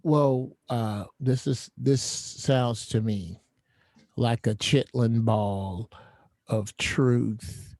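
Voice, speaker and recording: A man on a casual podcast chat, talking slowly and rambling in a folksy way. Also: mid-range voice, fairly even intonation, a little mellow, no echo, clean studio sound.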